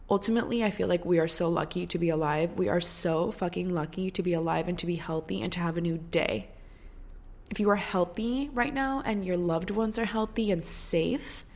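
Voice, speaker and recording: Earnest woman, low voice, podcast monologue. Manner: earnest, frequent swearing and "like" fillers; slows down for emphasis, repetitive. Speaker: podcast host. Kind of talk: casual heartfelt monologue.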